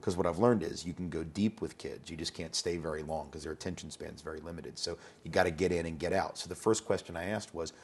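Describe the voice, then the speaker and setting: A man's voice: low voice, fast, hardly any pauses, husky. A man being interviewed as an educator, talking conversationally and telling anecdotes, often repeating words as he starts a thought.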